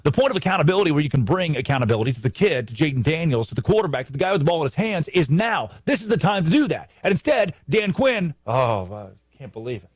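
Animated man with a lively, high voice. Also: fast talker, hardly any pauses, slightly rough, no echo. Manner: emphatic and animated, with frequent restarts and repetition. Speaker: sports talk host. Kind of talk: animated sports commentary.

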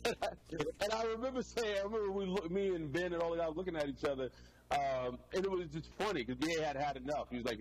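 A man's voice: on the high side, fast talker, rough recording. Male ex-player telling locker room stories. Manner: animated storyteller, many restarts. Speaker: former pro football player, guest. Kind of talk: casual storytelling interview.

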